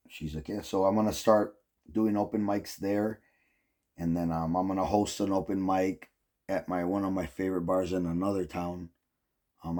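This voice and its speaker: Middle-aged man, low dark husky voice, casual rambling vlog storyteller, swears a lot. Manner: rambling, heavy use of "like" and "um", profane. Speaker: vlogger.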